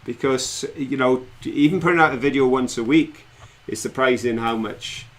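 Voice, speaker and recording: A man's voice: mid-range voice, moderate pace. A man co-hosting a casual live stream, rambling and chatty, laughing often as he talks. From England.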